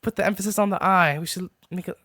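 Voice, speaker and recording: A man's voice: sits high, steady tone, fast, sharp tone, no echo. A man hosting a casual podcast with a dry, close sound. He often trips over his words and restarts while working through his notes. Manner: stumbling, restarts lines while reading notes. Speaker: podcast host.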